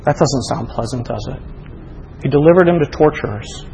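A man preaching a sermon. He swings between loud, emphatic reading and soft, close appeals, and asks his listeners many direct questions. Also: mid-range voice, normal speed, gravelly, in a large hall, slight background noise, low-quality recording.

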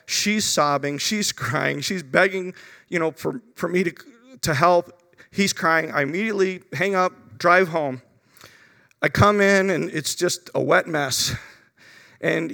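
A middle-aged man preaches a storytelling sermon, dropping to hushed, reverent tones and then rising with urgency. His voice sits a little high and has a gravelly edge. A long reverb trails behind him, as in a large church hall. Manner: storytelling, swings from quiet reverent lows to urgent raised passages. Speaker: pastor.

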